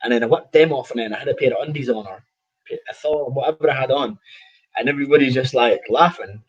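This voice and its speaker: A man's voice: medium pitch, quick pace, breathy edge, muffled recording. A man, a professional boxer telling stories in a casual interview, rambling with restarts and laughing at himself.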